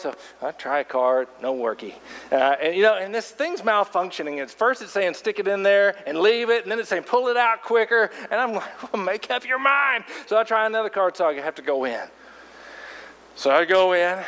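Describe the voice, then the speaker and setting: A man preaching a sermon, telling a story from his own travels with lively asides to the congregation. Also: high voice, in a large hall. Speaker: pastor.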